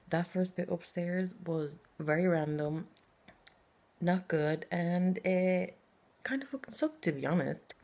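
A woman's voice: sits low, creaky, a little mellow, a little hiss or hum. A young woman vlogging casually from her bedroom with a handheld camera, rambling with offhand, sarcastic asides. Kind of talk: casual vlog chat.

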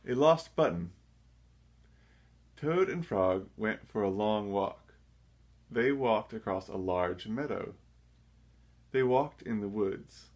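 A man reading a children's story aloud, gentle and measured. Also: lowish voice. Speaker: storybook reader. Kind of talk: children's read-aloud narration.

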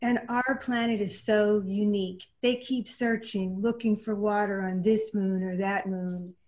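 Woman, slow-spoken, earnest, halting, emotional, video call panel talk. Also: medium pitch, fairly even intonation, a little mellow. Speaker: quilt artist. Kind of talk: panel discussion.

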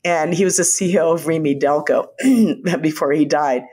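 An older woman, a former White House physician, telling lively stories as an interview guest and laughing often. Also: low-pitched, slightly rough. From United States. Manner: animated anecdotes, quick quoted voices, laughs often. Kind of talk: conversational storytelling.

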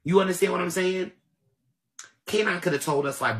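A man's voice: high-pitched, normal speed. Confrontational ranting man with AAVE speech. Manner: confrontational, repetitive, profane. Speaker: livestream commentator. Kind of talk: ranting livestream commentary.

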